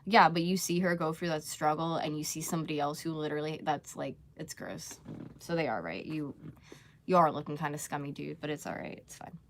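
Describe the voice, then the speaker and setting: A woman's voice: low-pitched, brisk. Young woman, rambling live-stream chat. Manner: rambling, candid, with many fillers and restarts. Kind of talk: casual live-stream talk to viewers.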